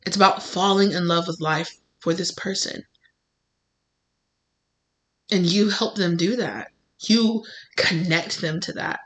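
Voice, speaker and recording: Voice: medium pitch, fairly even intonation, takes it slowly, pauses often, a bit bright. A tarot reader giving a casual pick-a-card reading, rambling and effusive, with many "like"s and restarts.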